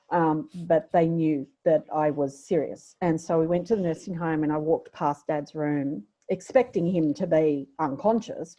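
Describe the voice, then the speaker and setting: A woman's voice: sits low, dark tone. Candid middle-aged Australian woman, muffled sound. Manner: candid, reflective, emotional at times. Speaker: podcast guest. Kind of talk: personal storytelling in conversation. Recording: dull lo-fi audio.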